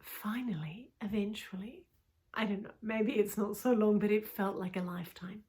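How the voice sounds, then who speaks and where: A woman's voice: mid-range voice, moderate pace, a little mellow. A middle-aged woman coach telling a personal story in an intimate way, with frequent "you know" asides and drops into a whisper.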